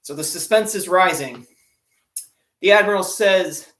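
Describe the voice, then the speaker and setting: A man's voice: high-pitched, measured pace, long pauses, sharp tone, reverberant. A man doing stand-up on a live stream, telling long Navy jokes in a chatty, self-deprecating way and laughing at his own punchlines. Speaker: stand-up comedian.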